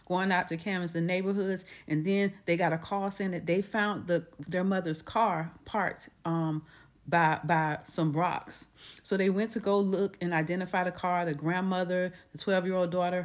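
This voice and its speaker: A woman with a slightly low voice tells a true crime story in a relaxed, conversational way. She restarts her sentences often as she goes. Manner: conversational, with frequent restarts and acted quotes.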